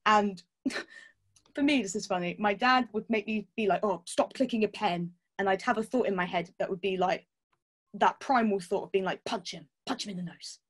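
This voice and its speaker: A woman's voice: mid-range voice, normal speed. A woman chatting candidly as a podcast guest, laughing often and swearing casually. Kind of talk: casual chat.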